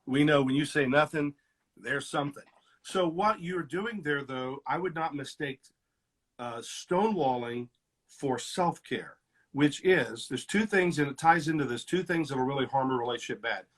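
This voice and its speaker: In a teaching conversation, a middle-aged male counselor with a voice on the high side speaks at normal speed about relationship patterns. He animatedly performs the things people say in fights, getting louder and softer as he quotes them.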